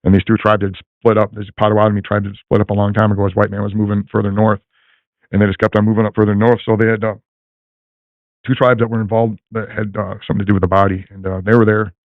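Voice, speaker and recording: A man's voice: fairly low pitch, level tone, fast talker, no room sound. An older man rambling through a long personal story, full of fillers and restarts, over a tinny line. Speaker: guest telling a personal story. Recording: tinny phone-like line, dry.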